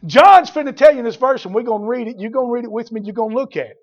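A man preaching a sermon, building from plain talk to shouted fervor in folksy dialect. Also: very high-pitched, rapid-fire, breathy edge, lo-fi sound. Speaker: pastor.

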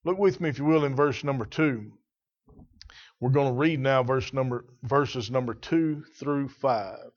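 A man preaching a sermon in a church, reading scripture and teaching in a measured way, repeating key phrases. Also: mid-range voice, highs cut off.

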